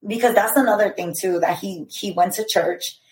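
A woman in her thirties speaks as a podcast guest with a middle-pitched voice. She retells her story earnestly and haltingly, leaning on "like" and "I remember" as she restarts her sentences. The recording has a roomy echo. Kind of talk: personal storytelling.

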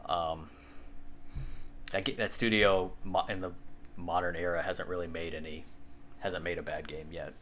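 A man's voice: low voice, fairly even intonation, normal speed, long pauses, a bit bright, slight background noise. A man co-hosting a podcast in casual chat, rambling with lots of fillers and the odd swear. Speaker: podcast co-host.

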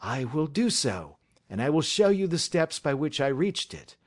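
A man voicing a composed, stern male detective in an audiobook, deliberate and authoritative. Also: on the high side, big pitch swings. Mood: explaining. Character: calm, stern male detective, measured and assured. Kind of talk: audiobook character reading.

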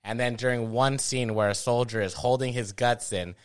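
Guy in his 30s on a movie podcast, smooth clear voice, laughs a lot telling stories. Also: medium pitch, moderate pace. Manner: animated storyteller, laughs often. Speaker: podcast co-host. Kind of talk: casual chat.

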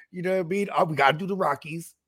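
Gravelly slangy man rambling in casual chat. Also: on the high side, a bit bright. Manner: rambling, slangy, swearing, lots of "you know what I mean". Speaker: podcast co-host.

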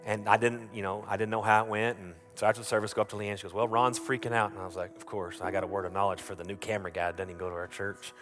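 A man's voice: fairly low pitch, little pitch movement, racing, few pauses. A man preaching a sermon, telling stories in a folksy, earnest way, often restarting his sentences. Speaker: pastor. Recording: music playing under the voice.

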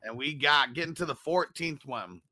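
A man hosting a relaxed podcast conversation, his voice bright and forward. He talks loosely, laughs easily and swears without care. The sound is dry and close, with no room around it. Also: fairly high pitch, moderate pace, no room sound. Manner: laid-back, laughs often, swears freely. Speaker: podcast co-host. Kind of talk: casual chat.

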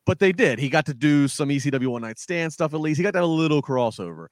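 A man's voice: fairly high pitch, animated, no echo. A man in a casual podcast chat, rambling with frequent restarts. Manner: rambling, halting, many restarts.

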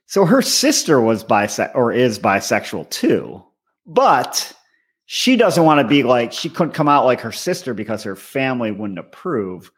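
A man's voice: mid-range voice, very animated, measured pace. A man co-hosting a casual reality-TV recap podcast, moving the talk along and groaning at crude jokes. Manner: steers the show, mock-disapproving. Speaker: podcast co-host. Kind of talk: casual comedic chat.

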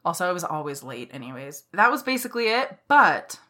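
Bright-voiced young woman telling a story. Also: on the low side, big pitch swings, fairly quick. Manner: laughs often, swears casually. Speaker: podcast co-host. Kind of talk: casual storytelling chat.

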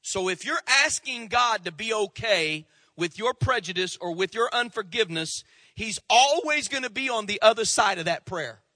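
A man preaching a sermon as pastor, swinging between loud rising outbursts and hushed drops. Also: high-pitched, lively intonation, normal speed, no room sound.

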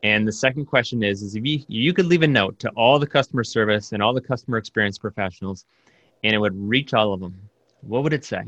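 A man hosts a podcast interview and puts his questions in a measured, deliberate way. His voice sits fairly low. The recording is close and dry, with no room sound. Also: fairly bright tone, no echo, lo-fi sound. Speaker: podcast host.

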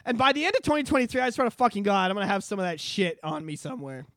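Young male co-host, quick high-pitched chatter, profane and rambling, dry close mic. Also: no room sound. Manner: profane, rambling, animated, bursts into shouted impressions. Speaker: podcast co-host. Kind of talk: casual podcast chat.

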